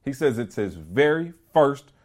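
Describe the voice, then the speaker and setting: A man co-hosting a podcast tells a story in an unhurried, mid-range voice. He's animated and rambling, sprinkling in lots of "you know" and "like."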